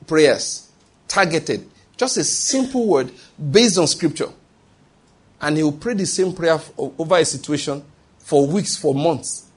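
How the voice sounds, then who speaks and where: A man's voice: fairly high pitch, husky. A man preaching a sermon, asking rhetorical questions and answering them himself with emphatic repetition.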